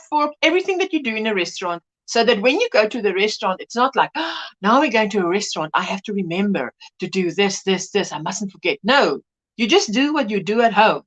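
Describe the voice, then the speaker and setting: A middle-aged woman hosts a relaxed livestream, reading out viewer comments between stories. Her voice sits fairly high and swings widely in pitch as she acts out other people's voices. She laughs often and tells her anecdotes with animated energy. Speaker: livestream host.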